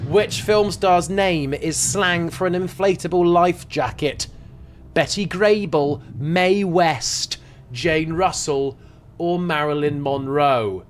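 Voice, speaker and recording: A young man commentating casually on a live game stream, jokey, excitable and swearing freely. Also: on the high side, slow.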